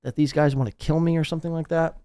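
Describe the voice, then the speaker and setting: A man hosting a live podcast, ranting with crude, sarcastic mockery and swinging between loud outbursts and muttered asides. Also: fairly high pitch, steady tone, fast talker, clean tone, dry recording. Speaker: podcast host.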